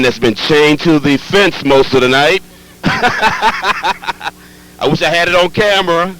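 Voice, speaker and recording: A man's voice: a little high, slow pace, fairly bright tone, rough recording. A man hosting a live overnight telethon, going from guest to guest and teasing them, on an old TV recording. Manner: teasing, playful. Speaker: roving on-air host. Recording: old live TV tape with faint noise.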